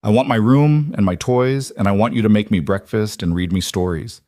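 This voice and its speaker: A man's voice: fairly low pitch, moderate pace, dark tone, no room sound, clean studio sound, close to an everyday voice. A man voicing a frightened little girl who pleads tearfully for her father. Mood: pleading.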